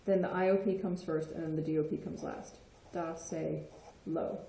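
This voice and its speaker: A woman's voice: sits low, fairly even intonation, normal speed, vocal fry, dark tone, a little hiss or hum. A woman explaining Spanish grammar in a patient lesson, often checking in with "okay?". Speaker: Spanish teacher. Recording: echoey room.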